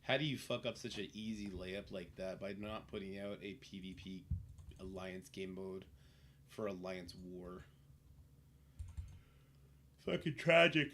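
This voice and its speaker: A man's voice: deep voice, flat delivery, normal speed, a little hiss or hum. A man streaming a game live, chatting casually and swearing as he reacts to the game and to his chat. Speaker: livestreamer. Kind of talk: casual gameplay commentary.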